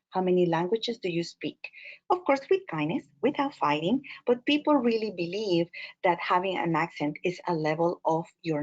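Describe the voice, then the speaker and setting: Latina woman trainer with a Spanish accent, low-pitched, expressive storyteller, muffled lo-fi recording. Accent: Latin American Spanish. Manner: expressive, animated storytelling with many fillers. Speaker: immigrant advocate and trainer. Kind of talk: training talk. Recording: muffled lo-fi audio.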